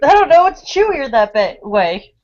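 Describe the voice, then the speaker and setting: A woman's voice: high voice, big pitch swings, a little slow, darkish tone, muffled recording. A woman co-hosting a casual podcast chat, playful and light-hearted. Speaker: podcast co-host.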